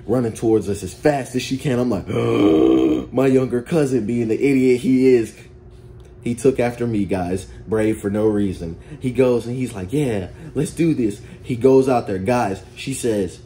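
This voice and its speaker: A man narrating a story-time vlog in a casual, animated way, often calling out to his viewers. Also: mid-range voice, measured pace, slight background noise. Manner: animated, addresses viewers as guys and y'all. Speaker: storytime vlogger.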